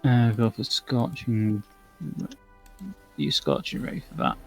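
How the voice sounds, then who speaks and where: Slow-talking man running a tabletop game. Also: fairly low pitch, very animated, creaky, darkish tone, soft background music. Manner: slow, apologetic, searching through notes. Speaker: game master.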